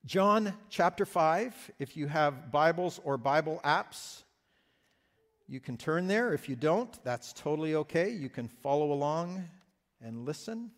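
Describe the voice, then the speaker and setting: A man's voice: a little high, expressive, unhurried, long reverb tail. A man preaching a sermon as pastor, earnest and explanatory, often restarting and repeating himself.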